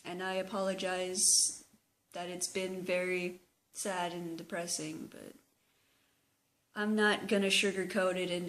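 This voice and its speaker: A young woman talking slowly and hesitantly in a personal video diary, open and emotional. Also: on the low side, fairly even intonation, fairly bright tone. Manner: slow, hesitant, emotional confessional talk. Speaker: vlogger.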